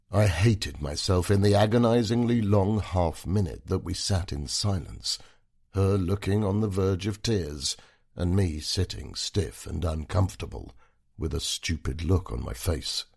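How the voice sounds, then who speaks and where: A man narrates a first-person story in a measured, low-key way. His low voice is gravelly and husky, and he takes his time. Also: darkish tone. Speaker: audiobook narrator.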